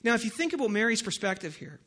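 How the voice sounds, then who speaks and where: High-voiced man preaching casually. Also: sing-song, fast. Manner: casual, conversational preaching with fillers; prays in a soft, lowered voice. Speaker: pastor. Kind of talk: sermon.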